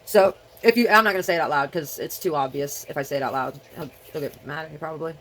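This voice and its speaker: A woman's voice: low-pitched, quick pace, fairly bright tone. A middle-aged woman vlogging alone, rambling in a scattered way, often trailing off mid-thought. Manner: scattered, talking to herself, trailing off. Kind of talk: rambling solo video chat.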